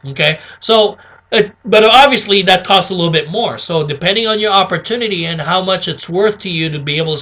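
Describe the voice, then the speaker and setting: A high-pitched man runs a casual sales lesson. His voice is bright and forward, and he keeps checking in with "okay?" while acting out little phone calls. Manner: chatty, repeats "okay?", acts out sample phone calls. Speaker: sales trainer. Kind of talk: casual instructional talk.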